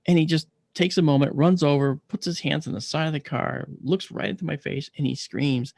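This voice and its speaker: A man giving a talk, telling a personal story with slides and acting out his own shouted replies. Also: fairly high pitch, fairly quick, creaky, no echo. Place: lecture event.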